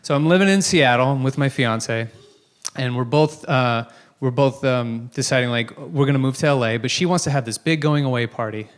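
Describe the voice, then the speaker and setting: A man's voice: mid-range voice, normal speed, smooth. A man in his thirties doing a brash, profane, self-mocking stand-up set on a comedy club stage, speaking into a handheld mic. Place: comedy club stage before a live audience.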